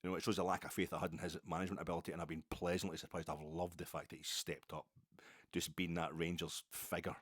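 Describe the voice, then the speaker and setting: A Scottish man with a notably low voice, talking at length on his own podcast in a loose, wandering way and drifting into side remarks. The recording sounds close and very dry. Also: flat delivery, quick pace, a bit bright, husky, no echo. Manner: rambling, digressive, chatty with asides. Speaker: podcast host. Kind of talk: solo football podcast monologue.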